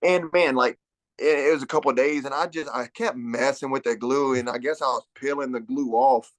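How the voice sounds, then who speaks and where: Man in his thirties, casual podcast guest, easygoing storyteller, mid-pitched voice, dry close sound. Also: steady tone, brisk, no echo. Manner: laid-back storyteller, many fillers and restarts. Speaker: UFC fighter guest.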